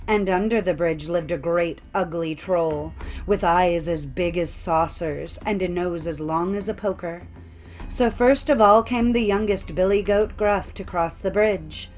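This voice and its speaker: A woman reading old folk tales aloud in a measured storytelling cadence. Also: on the low side, a little mellow, soft background music. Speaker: narrator. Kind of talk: scripted storybook narration.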